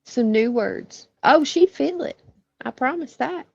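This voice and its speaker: A blunt, fired-up woman with a Southern twang, swearing freely as she co-hosts a political chat show. Her voice sits a little high and comes across dry and somewhat dull, without much room sound. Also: lively intonation, measured pace, creaky, no echo. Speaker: co-host.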